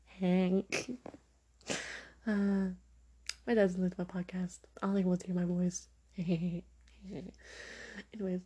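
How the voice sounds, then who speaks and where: A woman's voice: on the low side, level tone, moderate pace, pauses often, mellow, husky, muffled recording. A young woman hosting a podcast, speaking frankly and opinionatedly in a casual monologue full of fillers. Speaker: podcast host.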